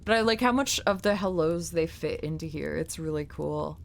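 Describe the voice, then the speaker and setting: A woman's voice: low voice, normal speed, vocal fry. A young woman streaming live, chatting casually and ranting with swears and mocking quotes. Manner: rambling, swears, ranty with mocking put-on quotes.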